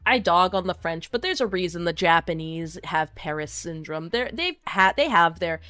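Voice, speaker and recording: A woman streamer in casual chat reading viewer comments, animated and opinionated, with lots of fillers. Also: on the low side, normal speed, no room sound, soft background music.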